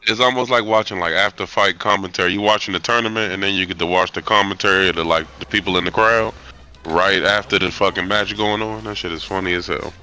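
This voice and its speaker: A man's voice: low-pitched, fairly even intonation, fast, sharp tone, clear, resonant tone, low-quality recording. A man chatting casually about a gaming match, telling it with animation and laughter.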